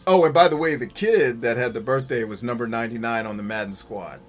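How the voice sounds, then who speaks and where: Guy hosting a game stream, blunt and sweary rants, reads chat out loud, middle-pitched man's voice. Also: fast, soft background music. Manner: blunt, profane, ranting; reads chat messages aloud. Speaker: gaming show host. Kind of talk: livestream gameplay commentary and chat.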